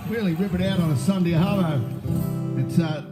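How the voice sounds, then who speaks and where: A man's voice: high-pitched, a little fast. An Australian man chatting casually in jokey, rambling banter while hosting a stream from home. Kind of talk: casual chat. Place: home room. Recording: echoey room with guitar behind.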